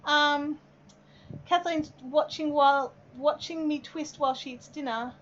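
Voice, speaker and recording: A woman's voice: high voice, steady tone, unhurried, lo-fi sound. Chatty Australian woman on a live stream. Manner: chatty and rambling, reading out viewer comments, many "um"s. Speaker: yarn dyer hosting a live stream. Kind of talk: casual live-stream chat while working.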